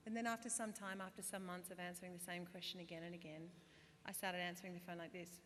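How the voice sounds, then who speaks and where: Aussie woman doing a funny graduation speech, bright voice, long hall echo, faint room noise. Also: fairly low pitch, little pitch movement, fast talker, few pauses. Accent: Australian. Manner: self-deprecating storyteller, bursts of loud put-on voices. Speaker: guest speaker. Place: large hall. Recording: reverberant hall, faint ambience.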